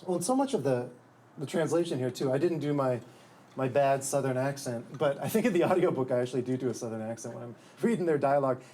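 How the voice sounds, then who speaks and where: A man's voice: mid-range voice, animated, fast talker, warm tone. A man, an author at a live bookstore event, reading from his book and talking about it in a dry, wry way, often restarting his sentences. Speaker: author and guest.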